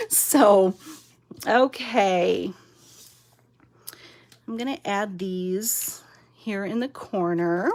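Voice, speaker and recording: A woman's voice: medium pitch, extremely slow, pauses often, darkish tone. A woman leading a chatty live-stream craft demo from her home craft room, laughing often and using lots of fillers, recorded by a mounted camera. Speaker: card-making demonstrator.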